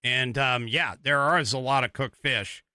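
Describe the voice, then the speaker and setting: A man's voice: mid-range voice, measured pace, bright, forceful tone, dry recording, clean studio sound. A man from the United States hosting a live podcast, talking in a rambling, chatty way with lots of fillers and restarts. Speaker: host. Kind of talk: live-stream podcast talk.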